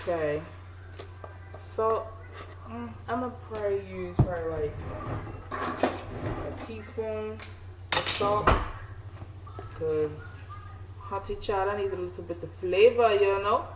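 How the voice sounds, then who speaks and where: A woman chats and jokes at her own expense while she cooks, talking straight to camera in a relaxed, self-mocking way. The sound is an echoey home kitchen with steady background noise. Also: mid-range voice, takes it slowly, long pauses. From Maryland. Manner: chatty, joking, self-mocking. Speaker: home cooking vlogger. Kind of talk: casual cooking chat to camera.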